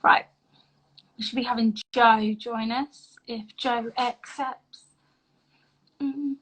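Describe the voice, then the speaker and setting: A woman's voice: on the high side, fairly even intonation, takes it slowly, a bit bright, a little hiss or hum, low-quality recording. A young adult woman hosting a casual live-stream chat on her phone, chatty and enthusiastic. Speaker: livestream host.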